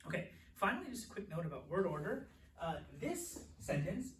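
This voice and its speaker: A young man teaching a Greek class in a church classroom, explaining patiently and repeating words slowly. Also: a little high, sing-song, a bit bright. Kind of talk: classroom lecture. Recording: echoey room, distant mic, faint hiss.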